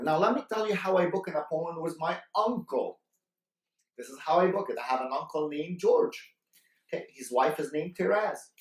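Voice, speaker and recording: A man's voice: sits high, a little mellow. Guy coaching a sales training, keeps saying "right?", sounds far off in a roomy echoey space. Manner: coaching, repeats key points, keeps checking with "right?". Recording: roomy echo, mic far off.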